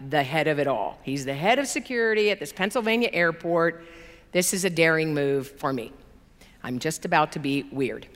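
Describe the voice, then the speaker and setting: A woman preaching a sermon, telling a story with laughter and acting out the people in it. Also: low-pitched. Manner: animated, laughing, acts out quoted people. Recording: long hall reverb.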